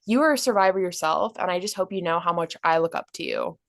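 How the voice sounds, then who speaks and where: A woman's voice: fairly low pitch, fast talker, creaky, dry recording, studio quality. A woman hosting a podcast interview, effusive and gushing with praise. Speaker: podcast host.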